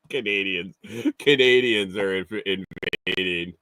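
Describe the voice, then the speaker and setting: Male livestream host, lowish voice, loose and profane, laughs a lot, dry close-mic sound. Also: a little slow, a bit bright, no room sound. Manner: profane, laughs often, rambling with restarts. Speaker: livestream morning show host. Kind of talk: casual chat reading viewer comments.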